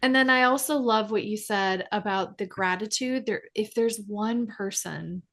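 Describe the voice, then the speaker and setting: A woman's voice: mid-range voice, unhurried, fairly bright tone. A woman hosting a podcast interview, affirming and reflective as she chats with her guest. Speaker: podcast host. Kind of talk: casual interview chat.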